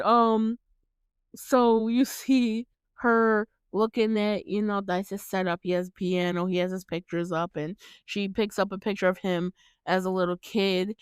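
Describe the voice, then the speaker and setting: A woman's voice: mid-range voice, flat delivery, slow pace, clear, resonant tone, dry recording, studio quality. A woman hosting a casual movie recap, chatty, laughing often and swearing freely as she retells scenes. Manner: chatty, laughs often, acts out the characters' lines. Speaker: podcast host recapping a movie. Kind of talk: casual chat.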